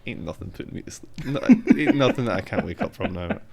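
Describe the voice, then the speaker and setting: Co-host, young man, low voice, dry casual banter. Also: huge pitch swings, fast talker, creaky, crowd noise. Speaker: podcast co-host. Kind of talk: casual chat.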